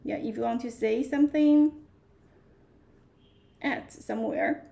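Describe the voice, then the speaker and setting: A woman teaching Chinese words on a live stream, speaking slowly and repeating each word several times while stressing its tones. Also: a little high, creaky, warm tone. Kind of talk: live-streamed language lesson. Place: live stream set-up at home.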